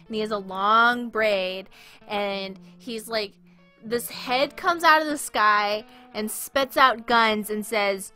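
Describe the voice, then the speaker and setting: A woman's voice: a little high, takes it slowly, bright, forceful tone, faint music behind. A woman streaming a game, rambling through awkward, self-deprecating commentary. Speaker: let's play streamer.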